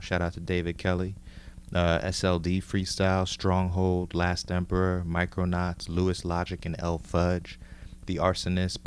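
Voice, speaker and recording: Deep laid-back guy from nyc going thru old tapes, low-key chatty, faint hiss. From New York City. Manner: laid-back, musing, reads lists aloud. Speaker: host showing his mixtape collection. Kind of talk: casual show-and-tell.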